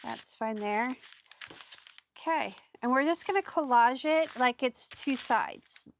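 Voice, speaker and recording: A woman's voice: fairly high pitch, takes it slowly, a little hiss or hum. A woman hosting a live crafting stream, chatting loosely with viewers as she works. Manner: chatty and rambling, greets viewers while working. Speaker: craft video host. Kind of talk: casual live crafting chat.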